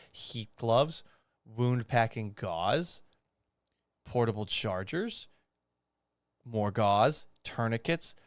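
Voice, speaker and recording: In a dry, clean studio recording, a young male podcast host makes casual commentary by reading items aloud and ridiculing them. He's profane and sarcastic, sounding incredulous, and his pitch jumps when frustration takes over.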